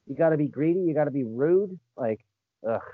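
A man's voice: on the high side, animated, no room sound, phone-quality sound. A man co-hosting a casual chat, blunt and crude in his remarks. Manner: blunt, crude, rapid asides. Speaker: podcast co-host.

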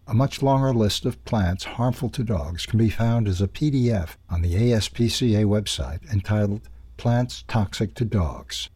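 A man reading a newsletter aloud in a steady, even way. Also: lowish voice, slightly rough, no echo. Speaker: newsletter reader. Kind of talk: scripted narration.

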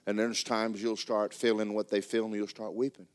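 Male pastor, lowish voice, sermon, swings from loud to hushed. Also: normal speed. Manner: swings from loud excited storytelling to low hushed tones. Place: church sanctuary.

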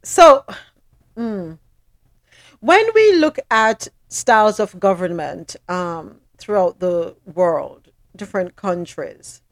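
A woman co-hosting a podcast, asking measured questions in a casual discussion. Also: mid-range voice, no echo. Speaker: podcast co-host.

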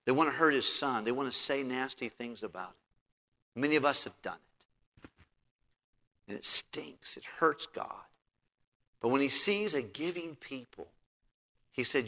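A man preaching a sermon, who swings between loud emphatic outbursts and quiet asides. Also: medium pitch, big pitch swings, moderate pace, long reverb tail. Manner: preacherly, rising to shouts and dropping to quiet asides. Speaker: pastor.

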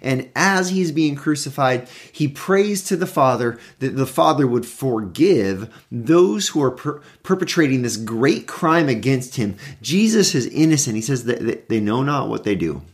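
Man, devotional Bible teacher, earnest and animated, mid-pitched voice, reads scripture and explains it. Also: a little slow, hardly any pauses. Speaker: pastor.

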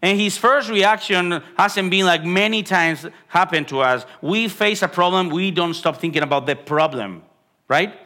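A man's voice: high voice, moderate pace, hardly any pauses, pushed and bright. A man preaching a sermon as pastor of a congregation, earnest and emphatic, often repeating phrases and restarting his sentences with an "uh". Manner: frequent restarts and filler "uh".

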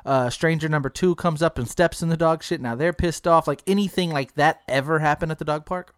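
A man's voice: on the high side, fairly quick, clear, resonant tone, no echo, studio quality. Give me a brash, teasing man co-hosting a podcast, telling stories with lots of swearing. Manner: brash, profane, teasing, animated storyteller. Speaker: podcast co-host. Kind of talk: casual podcast banter.

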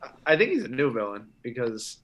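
Casting note: male podcast co-host, middle pitch, loose storyteller who acts out the quotes. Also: very animated, a little fast, fairly bright tone. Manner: rambling retelling with quoted voices and laughs. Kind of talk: casual comic book chat.

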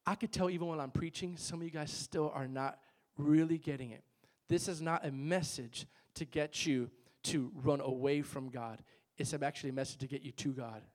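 A male pastor preaching a sermon in a church, calling out to the congregation for answers and telling lively stories. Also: a little high, normal speed. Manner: emphatic call-and-response preaching with lively storytelling. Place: church with a worship team.

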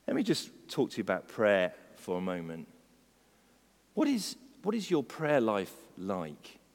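A man preaching a sermon on prayer, moving from quiet reflection to fervent exhortation. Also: on the low side, wildly swooping pitch, a little slow. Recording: long hall reverb.

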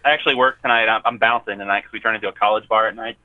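A man's voice: on the low side, steady tone, rapid-fire, a loud crowd. A man, chatting casually and swearing freely from his parked car. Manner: laid-back, swears freely. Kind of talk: casual podcast chat. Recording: tinny phone line.

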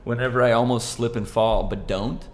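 A man's voice: medium pitch, fairly even intonation, normal speed. A middle-aged man from Southern California, chatting as a podcast guest in a playful, jokey storytelling manner. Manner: playful, jokey storyteller who slips into silly old-man voices. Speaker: podcast guest, ukulele performer. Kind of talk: casual chat.

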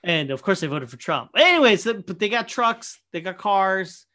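A young man casually telling a profane, animated story, full of fillers and quoted asides. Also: high voice, moderate pace. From Michigan, USA. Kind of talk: casual anecdote chat.

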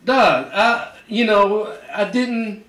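A man with a high voice co-hosts a podcast in loose, casual chat. He tells a profane story with animated energy and keeps circling back to his punchline. His voice rings out in a roomy, echoey space. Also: very slow. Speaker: podcast co-host.

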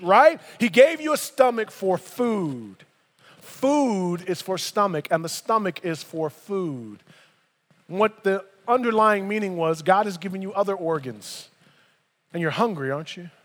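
A pastor in his thirties preaches a sermon in a church sanctuary, reading scripture and breaking into casual, emphatic asides. His voice sits high with a fairly bright tone, and the recording carries the long reverb of a large hall.

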